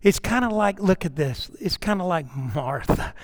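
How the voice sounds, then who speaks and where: A middle-aged man preaching a sermon in an animated way, calling on listeners by name and often repeating himself. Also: high-pitched, moderate pace. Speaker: pastor.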